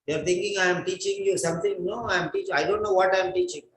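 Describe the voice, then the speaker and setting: A man's voice: sits high, fairly even intonation, fast, slight background noise. A man teaching an English writing class, giving a lecture and drilling instructions by repeating them again and again. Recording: echoey room.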